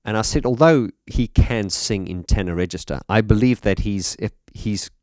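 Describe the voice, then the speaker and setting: A man's voice: lowish voice, normal speed, no echo, studio quality. A man analysing a song as a music teacher, talking thoughtfully and with enthusiasm. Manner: thoughtful, warm enthusiasm, sings short demonstration phrases.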